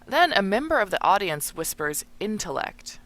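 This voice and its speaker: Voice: medium pitch, lively intonation, normal speed, creaky, sharp tone. A teacher walking through a text in a recorded lesson, explaining and thinking aloud while annotating it.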